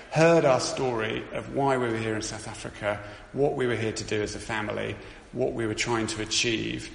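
A man's voice: medium pitch, creaky, a bit bright. A middle-aged man giving an earnest sermon testimony, telling a story with frequent restarts. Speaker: preacher. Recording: roomy hall with long reverb.

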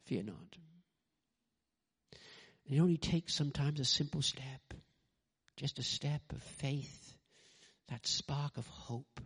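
Male preacher, fairly high voice, lively sermon delivery with asides and restarts. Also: unhurried, breathy edge. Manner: animated, acts out quotes, frequent "you know" and restarts. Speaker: pastor.

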